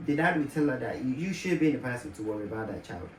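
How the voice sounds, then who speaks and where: A man's voice: medium pitch, sing-song, fast. A man, the husband and co-host, chatting casually in a playful, teasing way. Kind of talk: casual family chat. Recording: roomy, distant mic, clear background noise.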